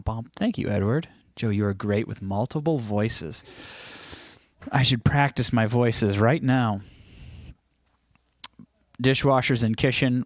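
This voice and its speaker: With a lowish, creaky voice, an American man reads chat comments during a casual home livestream, joking playfully and breaking into little bits of song. The studio sound is clean with no room sound.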